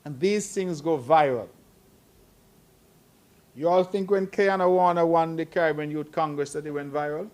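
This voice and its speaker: A man's voice: on the high side, moderate pace, long pauses, darkish tone. A middle-aged man giving earnest, admonishing remarks at a press conference, growing emphatic. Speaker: head of government at a press conference.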